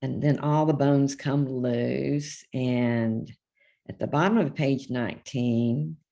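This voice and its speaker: Older lady reading her kids' dino book out loud, super low gravelly voice, chatty asides between pages. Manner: chatty, reads character lines with small voice shifts and asides. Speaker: children's book author reading aloud. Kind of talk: live storybook reading.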